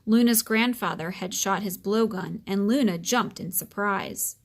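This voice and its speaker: A woman reading a children's story aloud in a gentle, expressive way. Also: mid-range voice, measured pace, gravelly, hardly any pauses.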